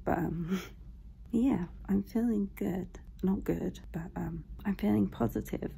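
A young British woman with a hoarse, sore throat, speaking softly and half-whispering in a casual video diary. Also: medium pitch, takes it slowly, slight background noise. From Britain.

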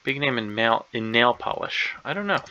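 A man's voice: medium pitch, expressive, moderate pace, sharp tone, clean tone. A man thinking aloud as he solves a crossword, hesitant and unsure, full of ums and second guesses, on a dull lo-fi recording. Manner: hesitant, unsure, many ums and self-doubts. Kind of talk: thinking aloud while solving a puzzle.

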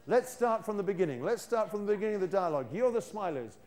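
During a live classroom demonstration in a lecture hall, a British teacher trainer playfully gets his audience repeating lines after him. He talks fairly quickly with hardly any pauses, his high voice expressive and darkish.

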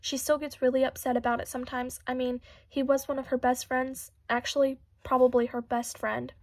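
A woman's voice: high voice, flat delivery, brisk, dry recording. A woman voicing a loyal, bubbly teenage girl best friend with an upbeat, teasing manner.

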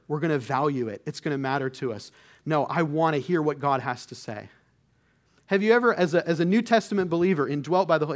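A male pastor delivers a sermon in an earnest, conversational way. His voice sits a little higher than most men's, and he often restarts his phrases as he works toward a point.

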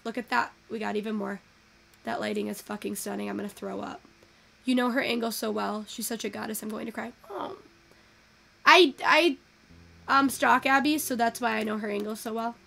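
Gushing, chatty woman with gravelly fry. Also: on the high side, normal speed. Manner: chatty, swearing, gushing, easily excited. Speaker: virtual photography creator. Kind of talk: casual gameplay commentary.

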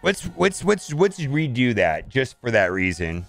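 A man's voice: mid-range voice, very animated, unhurried, gravelly, a bit bright, faint music behind. A man casually commenting on a mobile game as he plays, thinking aloud and often saying "all right".

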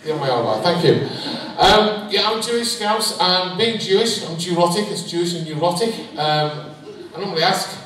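A middle-aged man with a Liverpool accent delivers deadpan stand-up one-liners in a fairly high voice. He is picked up from a distance in a very echoey hall, with a faint hiss underneath. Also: normal speed, hardly any pauses. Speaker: stand-up comedian. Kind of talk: stand-up comedy set. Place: large hall on stage.

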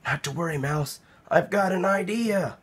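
A man doing a hushed, reassuring storybook rabbit. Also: high-pitched, normal speed, slightly rough. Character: soft-spoken reassuring male rabbit, well-meaning.

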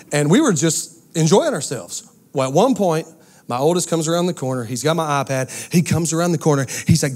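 A man, preaching a sermon to a church crowd with lively storytelling and call-outs to the congregation. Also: a little high, quick pace. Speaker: pastor. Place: church sanctuary with a live audience.

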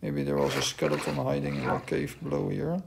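Fairly high, creaky and fairly quick, his delivery is flat as he gives easygoing game commentary. He talks to the dogs, puzzled and mocking himself, with loud background noise.

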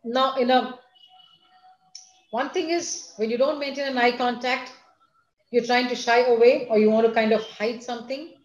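A woman gives a lecture to students and parents, speaking in a teacherly way. She is expressive and talks straight to her listeners. Her voice sits a little high and carries a roomy echo. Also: normal speed, pauses often, highs cut off. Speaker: school principal giving a talk.

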